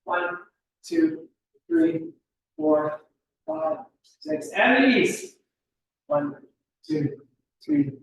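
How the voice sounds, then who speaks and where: A man's voice: very high-pitched, very animated, extremely slow, creaky, pauses often, dull audio, crowd noise. A man leading an exercise class, upbeat and encouraging, counting out reps and calling moves with a slight cough. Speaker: fitness instructor. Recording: echoey room, voice far from the mic.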